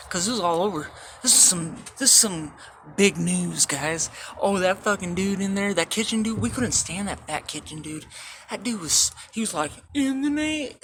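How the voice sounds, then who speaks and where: A woman's voice: lowish voice, fairly bright tone, a little hiss or hum. A woman vlogger rambling through casual, profane stories, laughing often. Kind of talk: casual storytelling.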